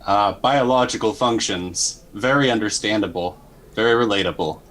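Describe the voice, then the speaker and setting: A man's voice: fairly low pitch, moderate pace, fairly bright tone, close to an everyday voice, low-quality recording. A man voicing an overly polite male robot companion who talks in stiff, formal phrases.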